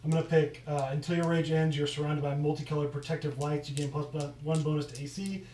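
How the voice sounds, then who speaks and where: A fairly high-voiced man chats casually at a gaming table, pausing as he works through rules aloud. He sits well back from the microphone in an echoey room with faint background noise. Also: fairly even intonation, mellow, recorded from a distance. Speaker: player. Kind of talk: casual tabletop game chat.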